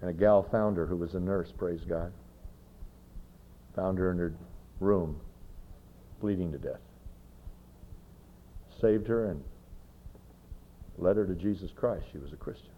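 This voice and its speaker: A man's voice: deep voice, unhurried, pauses often, highs cut off. A male pastor preaching a sermon, telling personal stories emphatically and speaking straight to his listeners. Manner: emphatic storytelling, direct address to listeners.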